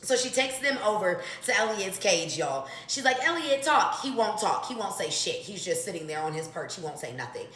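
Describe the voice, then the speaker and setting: A woman's voice: on the low side, a little fast, hardly any pauses. Chatty woman storytelling in an echoey room. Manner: animated, swears freely, talks straight to viewers. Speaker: vlogger telling a story. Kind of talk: casual storytime.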